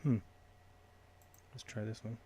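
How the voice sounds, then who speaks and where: A man's voice: takes it slowly, warm tone, lo-fi sound, a little hiss or hum. A man hosting a live call-in stream, talking casually and muttering to himself while he sorts out his call settings. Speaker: livestream host taking calls.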